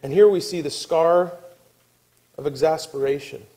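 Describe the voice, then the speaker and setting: A man preaching a sermon, telling a story with acted-out quotes and dropping to a hushed, weary tone. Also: on the high side, a little slow, poor audio. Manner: animated storytelling, acting out quotes, dropping to a soft hush. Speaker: pastor.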